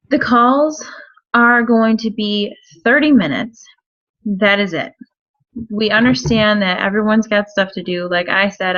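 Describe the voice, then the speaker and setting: A woman's voice: mid-range voice, fairly bright tone, highs cut off. A woman co-leading a team call, frank and chatty with many fillers. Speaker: team co-leader. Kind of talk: casual team call briefing.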